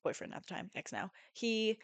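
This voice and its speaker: A woman's voice: medium pitch, normal speed, gravelly, dry recording. A young woman in her twenties, a podcast co-host, telling a story casually with lots of swearing and acted-out quotes. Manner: animated storyteller, swears often, acts out quotes.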